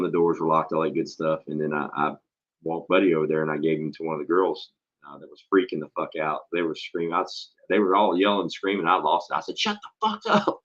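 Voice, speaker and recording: A man, a schoolteacher and host, telling stories in casual, profanity-laced chat. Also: low voice. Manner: blunt, swears freely, tells stories animatedly. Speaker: podcast host and school teacher. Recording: dull lo-fi recording.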